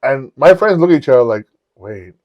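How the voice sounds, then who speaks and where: In a dull, lo-fi recording with no echo, a man hosting a podcast rattles off profane anecdotes quickly in a mid-range voice. He's animated and casual, voicing the dialogue of each story himself.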